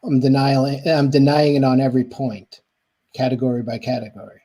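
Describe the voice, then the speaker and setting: A man's voice: medium pitch, little pitch movement, a little fast, warm tone. Male co-host, middle voice, loose and rambling, swears freely. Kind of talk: casual chat.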